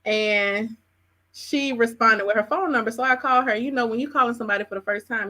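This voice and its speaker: A woman's voice: a little high, fairly quick, pushed and bright. A woman hosting a live open mic, talking casually and chattily and laughing between introductions. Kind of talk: casual live emcee talk.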